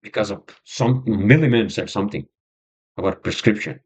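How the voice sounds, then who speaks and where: A man's voice: fairly low pitch, normal speed, a little mellow, breathy edge. A man hosting his own podcast, venting in a rambling, agitated monologue full of swearing and fillers. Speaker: podcast host. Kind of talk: frustrated monologue. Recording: dull lo-fi sound.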